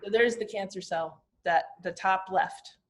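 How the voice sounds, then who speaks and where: A woman in her fifties speaks at an ordinary middle pitch, talking through slides of her glass art. Her delivery is reflective and halting, with the personal tone of someone explaining what each piece means to her. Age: 50s. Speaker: glass artist presenting her work.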